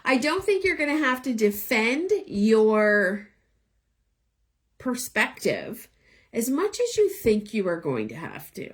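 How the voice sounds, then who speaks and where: Her pitch a little high and swooping wildly, a young woman speaks slowly as she gives live tarot readings into a phone positioned above her eye level. She's losing her voice but stays chatty and encouraging.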